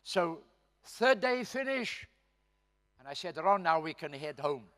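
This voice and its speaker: A man with a South African accent, a pastor telling a story from his own life at a church service, swinging between loud emphasis and hushed asides. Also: fairly high pitch, very animated, unhurried. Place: church hall. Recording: reverberant church hall.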